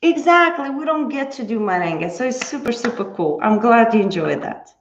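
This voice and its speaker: A woman's voice: on the high side, expressive, fairly quick. A woman dance teacher chatting on a live stream after class, bubbly and chatty, thanking viewers by name. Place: indoors at home. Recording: echoey room, dull lo-fi stream audio.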